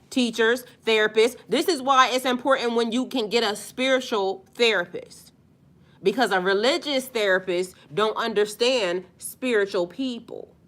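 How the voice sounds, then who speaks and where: A woman's voice: mid-range voice, bright, forceful tone. A woman working as a spiritual life coach, ranting in a heated, profane, emphatic vlog monologue.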